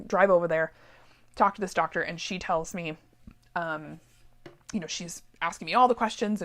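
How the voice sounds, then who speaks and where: A middle-aged woman who teaches sewing, telling a personal story in a chatty, animated way with many asides. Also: on the low side. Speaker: sewing teacher and shop owner. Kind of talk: casual storytelling vlog. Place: warehouse room.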